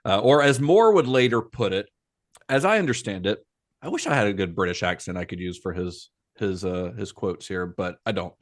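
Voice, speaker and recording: A man hosting a film podcast, telling the production story in a relaxed, chatty way with frequent fillers. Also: lowish voice, moderate pace. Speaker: podcast host. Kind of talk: casual film podcast narration.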